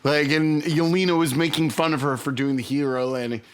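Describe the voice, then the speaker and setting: A man's voice: on the high side, a little fast, noisy background. A man co-hosting a podcast, chatting casually about movies and leaning on "like" and "you know.". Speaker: podcast co-host.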